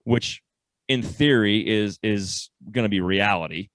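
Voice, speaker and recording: A man's voice: fairly low pitch, unhurried, a bit bright, dry recording. A man hosting a podcast, explaining construction planning in casual chat and restarting his phrases as he goes. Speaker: podcast host, builder.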